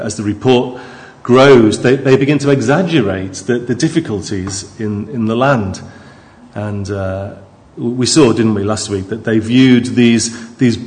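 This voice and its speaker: A man's voice: medium pitch, a little mellow. Chatty male preacher in a reverberant hall. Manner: conversational and jokey, with restarts and asides to the congregation. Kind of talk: sermon. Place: church.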